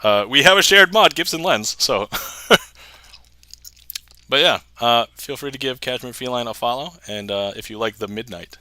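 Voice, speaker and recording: Bright-voiced chatty male streamer. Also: fairly low pitch, normal speed, clean tone, no room sound. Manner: chatty, laughs often, responds to chat. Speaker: magic livestreamer. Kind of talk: casual livestream chat with viewers.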